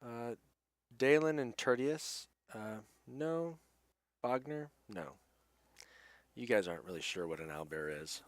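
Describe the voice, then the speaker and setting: A man acts as game master for a tabletop game, narrating scenes slowly and hesitantly with lots of fillers. His mid-range voice is animated, and there's no echo.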